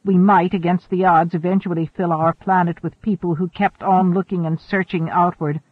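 A man's voice: sits high, flat delivery, moderate pace, slightly rough, no echo. A man voicing a stubborn starship captain. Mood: determined. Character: resolute male starship captain, stubborn, commanding. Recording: narrow, phone-like, dry sound.

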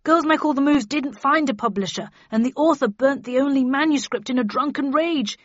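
A woman voicing an anxious, lovesick young man who speaks in a high, urgent, emotional way for an audiobook. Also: a little fast, no echo, lightly acted. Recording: dull dry studio recording.

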